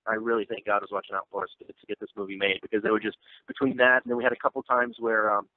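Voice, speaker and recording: A man's voice: fairly low pitch, little pitch movement, racing, dry recording. A man being interviewed about his film, talking casually with lots of fillers and restarts. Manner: rambling, full of fillers and restarts. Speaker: actor and filmmaker guest. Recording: tinny dry phone line.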